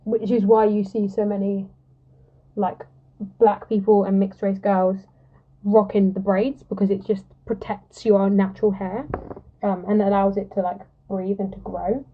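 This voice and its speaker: A woman's voice: mid-range voice, little pitch movement, a little slow. A young woman chatting casually with viewers on a live stream while doing her makeup, giggly and talkative, greeting people by name. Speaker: musical theatre performer hosting a live stream. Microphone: phone held close. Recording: lo-fi phone live-stream audio.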